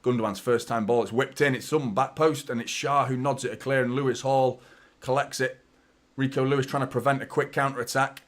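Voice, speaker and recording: A man hosting a football watchalong talks through the match in a chatty, rambling way, his accent a light Mancunian that mostly sounds neutral. His voice sits at an ordinary middle pitch for a man, and it leaps up when a chance comes. He mixes play-by-play with casual asides to viewers. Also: steady tone, a little fast. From Manchester, England. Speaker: fan watchalong host. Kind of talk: live match commentary and casual chat.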